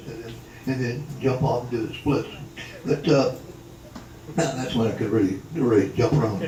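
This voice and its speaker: A man's voice: mid-range voice, mellow. A man in his eighties telling stories from his life to a gathering at a family reunion, rambling with many restarts and fillers. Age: 80s. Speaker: retired drummer and tap dancer. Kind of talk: storytelling to a live gathering. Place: indoor hall at a family reunion. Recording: roomy echo, distant from the mic, faint background hum.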